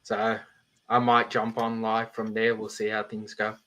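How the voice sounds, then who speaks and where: A man from Australia hosting a casual live-stream chat in a laid-back, unhurried way. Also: fairly low pitch, monotone, bright, forceful tone, low-quality recording. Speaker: show host.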